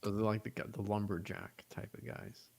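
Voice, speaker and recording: Man, podcast guest, gravelly, rambling, casual chat. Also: lowish voice, flat delivery, normal speed. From United States. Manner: rambling storyteller, loose and chatty with many fillers.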